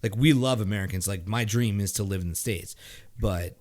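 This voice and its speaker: Speaking fairly quickly in a low, darkish voice, a Montreal man hosting a podcast rambles through a story in casual conversation. He curses frequently and keeps restarting his sentences, leaning heavily on "like."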